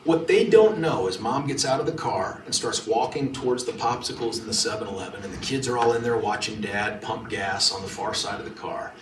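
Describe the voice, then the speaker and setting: A man's voice: fairly low pitch, fairly quick, few pauses, slight background noise. A man giving a speech as district attorney to a political club, telling stories and acting out the quotes. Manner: animated storytelling, acting out quotes. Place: meeting hall. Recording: echoey room, mic at a distance.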